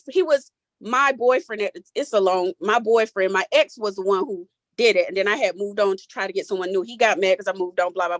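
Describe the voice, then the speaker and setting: A woman's voice: fairly high pitch, a bit bright, dry recording. A woman in her forties telling her personal story in a candid, casual way, her voice cracking as she holds back tears. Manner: candid, emotional, casual Southern-tinged speech. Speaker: guest sharing her story. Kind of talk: personal testimony in a group talk.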